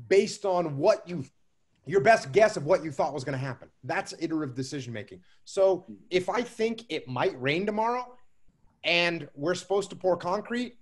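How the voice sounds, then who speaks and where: A man answering interview questions about leadership in a measured, emphatic way, often repeating key phrases. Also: high-pitched. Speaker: guest speaker on leadership.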